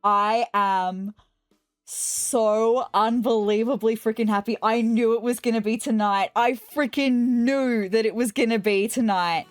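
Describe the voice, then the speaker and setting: A woman chats through her game in a fairly high voice, gushing and excitable, often breaking off to apologize. Faint game music plays behind her casual commentary. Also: unhurried, no echo. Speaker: gaming video host. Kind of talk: casual let's-play commentary.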